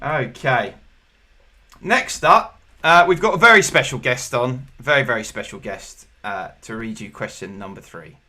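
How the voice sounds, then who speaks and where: A man hosting an online pub quiz, chatty and jokey with loud bursts of excitement. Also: mid-range voice, measured pace. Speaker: quiz host.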